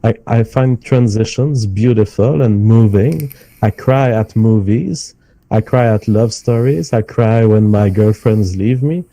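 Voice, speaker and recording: A man with a French accent who speaks in a calm, measured way while he argues on a stream. His voice is low and very dark. The recording is dry. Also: no echo, poor audio. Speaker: stream guest. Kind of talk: live-stream debate.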